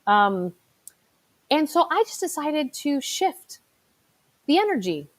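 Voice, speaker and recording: A woman's voice: high voice, very animated, slow, no echo. A middle-aged woman from Chicago who works as a financial advisor, giving a motivational talk in a chatty storytelling way with fillers and asides. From Chicago, United States. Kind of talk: motivational talk with personal stories.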